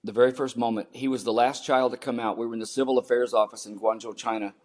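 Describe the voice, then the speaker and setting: A man's voice: mid-range voice, little pitch movement, quick pace. Man, 70s, interview guest; earnest storyteller, repeats for emphasis. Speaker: podcast guest.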